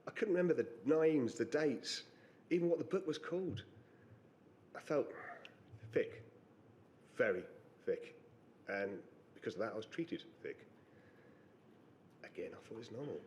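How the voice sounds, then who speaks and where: A middle-aged man giving personal testimony on a panel, halting and reflective with pauses and fillers. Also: medium pitch, expressive, a little mellow, slight background noise. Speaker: panel witness.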